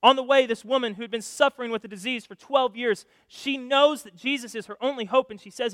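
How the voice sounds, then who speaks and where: A male pastor preaching a sermon, telling stories with animated shifts between loud and hushed delivery. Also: extremely high pitch, a little fast, hardly any pauses, clear, resonant tone, no echo, clean studio sound, in a large hall.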